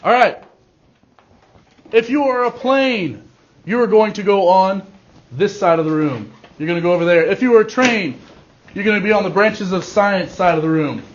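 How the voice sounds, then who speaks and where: A male teacher giving a class directions, leaning on key words slowly for emphasis, recorded in a classroom. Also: high voice, muffled recording, slight background noise. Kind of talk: classroom instruction.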